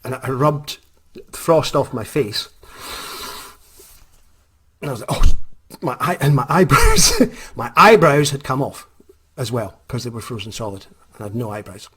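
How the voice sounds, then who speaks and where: A man with a Scottish accent telling a self-mocking personal story in a lively vlog manner. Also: medium pitch, moderate pace. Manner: animated, self-mocking storyteller who laughs often. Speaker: author and vlogger.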